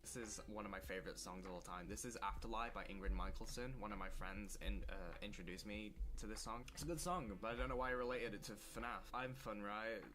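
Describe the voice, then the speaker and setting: A man's voice: on the low side, a little fast, few pauses. A man casually talking through his old drawings in a video, sweary and self-deprecating. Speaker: video creator. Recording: noisy clicky old video audio.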